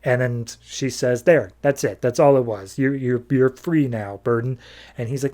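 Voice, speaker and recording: A man hosting a podcast, recapping a comic issue in a loose, offhand way and tossing in quick quoted lines from the characters. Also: medium pitch, mellow. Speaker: podcast host reviewing comics.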